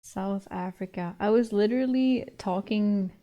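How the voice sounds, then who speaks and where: A woman's voice: medium pitch, unhurried, dark tone, dull audio. A young woman streamer chatting casually with her viewers, laughing often and swearing casually.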